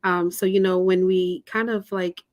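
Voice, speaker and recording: A woman guest in a casual conversation, speaking thoughtfully and pausing to search for her words. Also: fairly low pitch, level tone.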